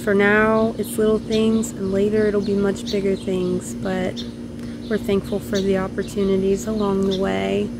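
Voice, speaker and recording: A woman vlogging about her pets, talking to them in soft, cooing baby talk between casual explanations. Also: medium pitch, completely flat delivery, measured pace, vocal fry, noisy background. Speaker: pet-keeping vlogger. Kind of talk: casual vlog chat.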